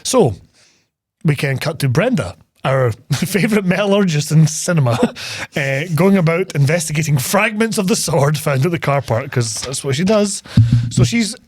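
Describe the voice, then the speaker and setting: A man's voice: on the high side, expressive, normal speed, breathy edge. A man co-hosting a casual film podcast, recapping scenes in a rambling way, swearing often and laughing as he goes. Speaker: podcast co-host.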